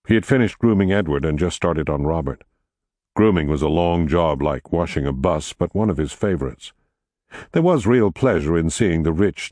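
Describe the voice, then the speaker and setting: A deep-voiced man reads a novel aloud in a measured storyteller's way, with his pitch moving expressively through each sentence. The recording is dry and close, with no room sound. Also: a little mellow, dry recording. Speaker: audiobook narrator. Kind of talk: scripted narration.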